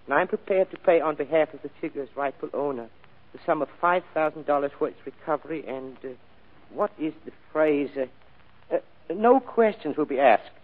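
An actor playing a fussy, overly courteous foreign gentleman with formal phrasing in a vintage radio drama. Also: a little high, animated, moderate pace. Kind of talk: 1940s radio acting. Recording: tinny old radio broadcast recording.

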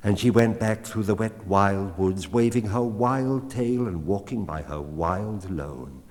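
A man reading a storybook aloud in a rhythmic, expressive way. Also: fairly low pitch, a little slow. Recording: long hall reverb.

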